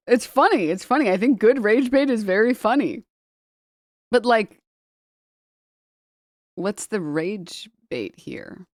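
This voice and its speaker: A woman's voice: fairly high pitch, dry recording, studio quality. A woman streamer chatting casually, reading posts aloud and swearing a lot as she laughs.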